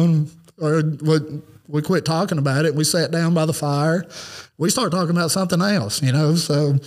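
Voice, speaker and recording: Man, fairly high voice, rambling and earnest, fillers everywhere, podcast guest. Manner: rambling, earnest, lots of "you know" fillers. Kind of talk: casual storytelling.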